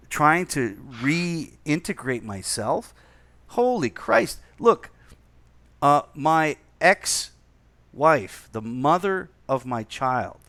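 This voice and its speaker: Mid-pitched Canadian-born man, rambling and profane, dry close sound, casual chat. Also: pushed and bright, dry recording. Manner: rambling, profane, many restarts.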